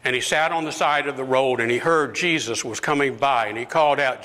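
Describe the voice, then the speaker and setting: An older man, a deacon, speaking to a parish lunch group and acting out quoted voices that rise to near-shouts. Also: medium pitch, fairly quick, hardly any pauses, long reverb tail. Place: parish hall.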